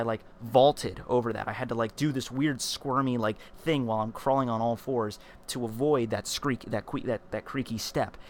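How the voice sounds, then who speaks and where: A man at a middle pitch tells a story straight to his vlog camera. His talk is animated and rambling, full of fillers, repeats and restarts. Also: a little hiss or hum. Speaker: vlogger.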